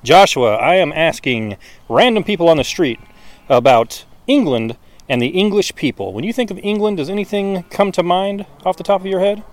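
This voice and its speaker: A man's voice: sits high, normal speed. Upbeat man interviewing on the street. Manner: lively, upbeat, laughs often. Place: outdoors on a street.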